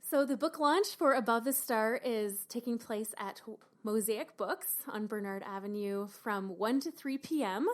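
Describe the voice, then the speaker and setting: A woman author from Canada, talking in an animated, expressive way about her book in a radio interview. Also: a little high, a little slow, few pauses. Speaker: author guest.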